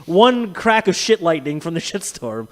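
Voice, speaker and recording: Animated, swearing man in casual chat. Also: high voice, normal speed. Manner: profane, rambling, animated storytelling with laughs. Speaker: podcast co-host.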